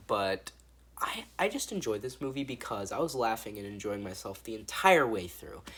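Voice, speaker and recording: A man's voice: fairly low pitch, breathy edge. A man giving a casual, rambling movie review, swearing freely and restarting his sentences. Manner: rambling and profane, with frequent restarts.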